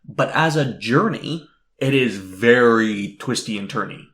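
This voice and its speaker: A man co-hosting a film podcast in casual chat, jokey and animated, bursting into loud mock outrage. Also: medium pitch, measured pace. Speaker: podcast co-host.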